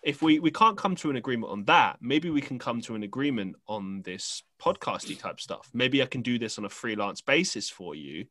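An English man with a medium-pitched, sharp voice hosts a podcast, talking briskly with lively intonation and hardly any pauses. His casual storytelling rambles, with many fillers and restarts, into a podcast microphone.

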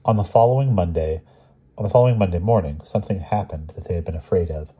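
Deep husky man reading a storybook. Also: quick pace, dull audio. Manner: calm steady narration with small misreadings. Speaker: audiobook reader. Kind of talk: reading a children's novel aloud.

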